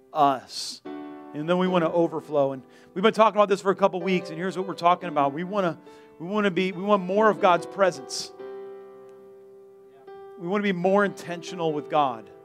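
A man's voice: high voice, fairly bright tone. A man pastoring a church, preaching casually with jokes and energy. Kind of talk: sermon. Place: church sanctuary.

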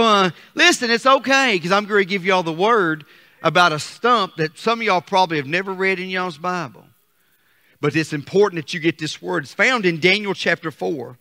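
A pastor preaching his sermon in a high, bright, ringing voice. He calls out to the congregation for responses and reads scripture slowly. He then builds his lines into forceful, rising peaks. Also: big-room sound.

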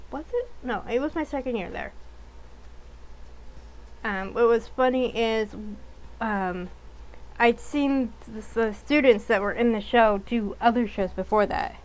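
A woman's voice: fairly high pitch, low-quality recording. A young woman chatting casually while playing a story game, rambling along with frequent ums. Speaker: game streamer.

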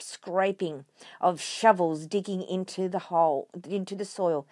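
A woman reading a children's storybook aloud, expressive and lively. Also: on the low side, a little slow, dry recording, studio quality.

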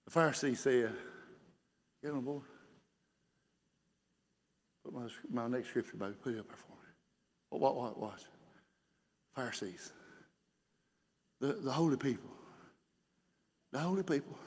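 A man preaching a sermon as pastor, folksy and building to shouts. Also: medium pitch, breathy edge, big-room sound. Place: church sanctuary.

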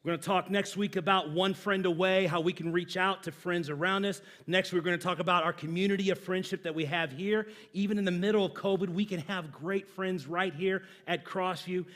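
A man's voice: high-pitched, fairly even intonation, brisk, few pauses, fairly bright tone. A middle-aged man, a pastor, preaching a sermon in a church with a humorous, conversational storytelling manner.

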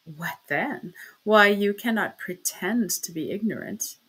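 Woman doing a sly, hushed young gossip. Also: medium pitch, takes it slowly, breathy edge, full character voice, rough recording. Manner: hushed, insinuating.

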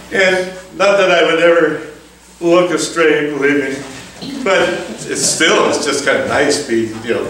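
An older man, a former fishing boat skipper, telling folksy stories to an audience, chuckling and acting out the voices in a high excited tone. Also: a little hiss or hum. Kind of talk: storytelling lecture. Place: town hall lecture room. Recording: echoey hall, far from mic.

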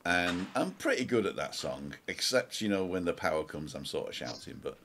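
With a low-pitched voice, moderate pace, and slight background noise, a man hosts a relaxed talk show. He's an animated storyteller who breaks into impressions of singers.

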